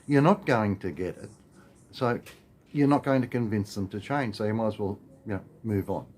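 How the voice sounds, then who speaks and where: Rambling and exasperated, a man with an Australian accent delivers a casual vlog rant full of fillers and false starts. His voice is lowish and a little mellow at a moderate pace, over faint hiss or hum.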